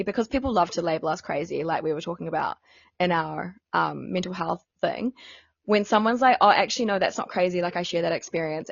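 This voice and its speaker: A woman co-hosting a casual podcast, talking emphatically and swearing freely with lots of "like" fillers. Her voice sits a little low and has a gravelly, creaky texture. The recording is dry and somewhat dull. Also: no echo. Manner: fast, emphatic, swears a lot, many "like" fillers. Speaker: podcast co-host. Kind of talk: casual candid podcast chat.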